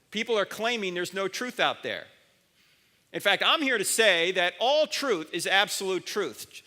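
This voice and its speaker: High, bright-voiced man in a reverberant chapel. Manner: emphatic, quizzes the audience, acts out objectors' lines. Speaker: guest chapel speaker. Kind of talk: university chapel talk on apologetics. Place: university chapel hall. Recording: long hall reverb.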